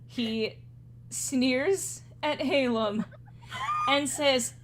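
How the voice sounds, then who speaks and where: A woman's voice: fairly high pitch, noisy background. Casual woman game master. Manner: casual, halting with fillers. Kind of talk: narrating a tabletop game.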